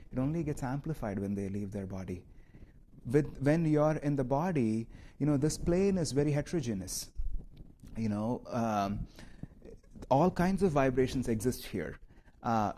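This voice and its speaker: A man's voice: medium pitch, warm tone. A man leads a talk at a meditation center in a loose, conversational way. He answers questions from the room, chuckles often and leans on "you know" as he thinks aloud. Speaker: meditation teacher. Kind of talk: spiritual talk with questions from the audience.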